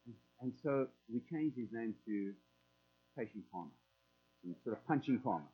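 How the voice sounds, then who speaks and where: A man's voice: medium pitch, lively intonation, a little fast. A middle-aged man preaching a sermon in a folksy, conversational way, acting out prayers in quoted voices. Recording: tinny phone-like line with mains hum.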